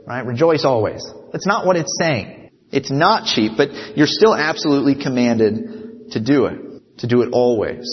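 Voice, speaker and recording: Preaching man in an echoing hall. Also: on the high side. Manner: earnest, repeats "right?" to the congregation. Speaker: pastor. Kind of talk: sermon. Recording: dull sound with long reverb of a hall.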